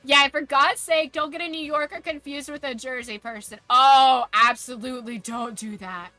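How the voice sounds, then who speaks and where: A woman's voice: sits high, normal speed, bright, forceful tone, no room sound, soft background music. A woman streamer chatting casually while gaming, opinionated and ranting, swearing freely.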